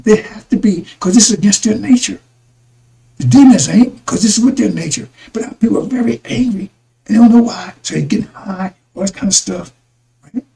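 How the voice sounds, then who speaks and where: A man's voice: high-pitched, a little fast, gravelly, dark tone, low-quality recording. A man giving a rambling religious talk to his listeners, repeating himself and calling them brothers and sisters. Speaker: religious broadcaster.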